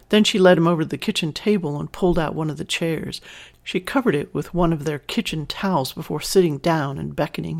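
Steady story narrator, mid-pitched.

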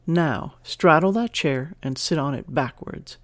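A man voicing a commanding dominant woman who gives calm, clipped orders. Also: a little high, a little slow.

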